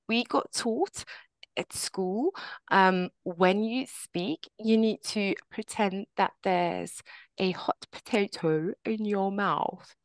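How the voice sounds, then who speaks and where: A woman's voice: medium pitch, no room sound. A woman presenting a workshop on teaching English, chatty, often saying "okay" between points.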